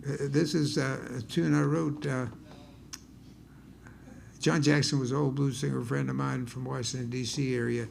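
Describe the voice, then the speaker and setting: A man's voice: medium pitch, level tone, normal speed, vocal fry, pauses often, a little mellow, a little hiss or hum. An older man, a blues guitarist, telling wry, rambling stories on a concert stage between songs, often stumbling and restarting his words.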